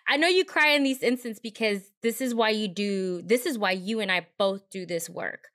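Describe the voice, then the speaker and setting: A woman's voice: mid-range voice, normal speed, fairly bright tone. A woman with a mid-range voice talks through her thoughts on a podcast. She is candid and reflective, often restarting her sentences as she goes. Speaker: podcast co-host. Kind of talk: casual podcast conversation.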